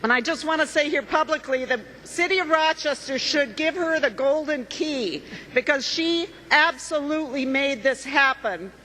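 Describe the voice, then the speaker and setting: A woman with a high, bright voice makes an earnest case during a floor speech. Her words ring through the long reverb of a large legislative chamber. A faint hum of room noise sits underneath. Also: animated, moderate pace, hardly any pauses. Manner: earnest, persuasive speech growing emotional. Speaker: state legislator.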